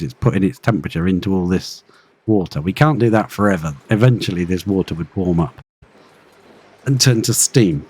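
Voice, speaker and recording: A man's voice: deep voice, darkish tone, slightly rough. A man giving chatty live gameplay commentary, thinking aloud and talking to the creatures in his game. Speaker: streamer playing a colony-building game.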